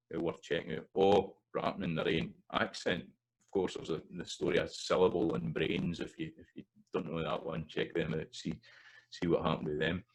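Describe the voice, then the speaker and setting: Scottish man, very low voice, gravelly, casual rambling lecture. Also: rough recording. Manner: casual, rambling with many fillers and restarts. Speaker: language teacher. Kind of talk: spoken lecture.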